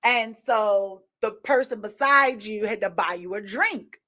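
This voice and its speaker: A woman hosting a candid talk show, telling stories in an animated way and often asking listeners "right?". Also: mid-range voice, a little slow. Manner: animated storytelling, frequent rhetorical "right?" and laughter. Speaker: podcast host. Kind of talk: candid opinion talk addressing viewers.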